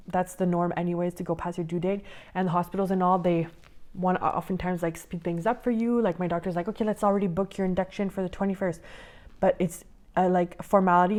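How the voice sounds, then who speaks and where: A young woman who works as a life coach hosts a casual podcast from home, sounding a bit out of breath. Her voice is lowish and slightly mellow, and she rambles chattily with lots of fillers and restarts.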